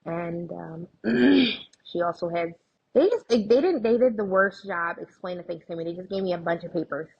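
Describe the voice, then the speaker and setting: A woman's voice: fairly low pitch, lively intonation, normal speed, vocal fry, slightly rough, lo-fi sound. A woman guest in an interview, earnestly recounting personal experiences, restarting her sentences as she goes. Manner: earnest, tells anecdotes with frequent restarts. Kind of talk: emotional personal storytelling in conversation.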